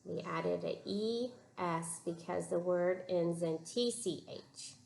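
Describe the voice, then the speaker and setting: Slow, patient woman teaching phonics. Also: fairly low pitch, vocal fry, darkish tone. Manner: slow, patient, drawn-out word modeling. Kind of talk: phonics lesson for young children. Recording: echoey room with faint room noise.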